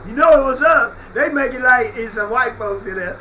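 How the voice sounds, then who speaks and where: Fiery high-voiced preacher man. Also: big pitch swings, a little fast, hardly any pauses, dull audio, a little hiss or hum. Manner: fiery, shouts scripture, drops into slangy asides. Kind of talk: sermon on scripture.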